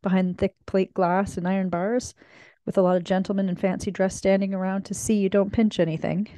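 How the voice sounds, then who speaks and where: A woman's voice: mid-range voice, little pitch movement, brisk, dark tone, no echo, natural voice. A woman voicing a clever, adventurous man in a read-aloud mystery, with a wry, self-assured delivery.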